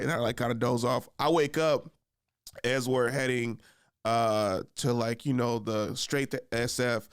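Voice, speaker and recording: A man's voice: medium pitch, steady tone, measured pace, smooth, no room sound, studio quality. A young adult man hosting a podcast, telling a casual story in loose, profane, laid-back slang. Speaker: podcast host.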